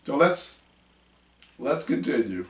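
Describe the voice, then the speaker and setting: A man hosting his own podcast, combative and mocking, raising his voice to a shout as he rants. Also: medium pitch, very animated, slow. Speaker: podcast host. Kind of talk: heated podcast rant. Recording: roomy echo, mic at a distance.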